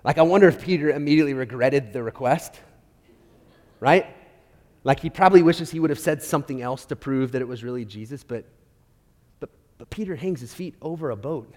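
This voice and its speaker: Male pastor, mid-range voice, animated sermon storytelling with loud-to-soft swings, recorded in a reverberant hall. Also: medium pitch, brisk. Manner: animated storytelling, with frequent restarts and swings between loud and quiet.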